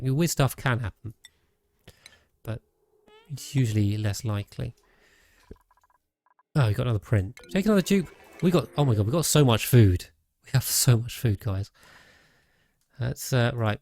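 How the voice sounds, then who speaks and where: A man's voice: mid-range voice, a little mellow. A man streaming a game, thinking aloud in casual commentary with frequent restarts and trailing sentences.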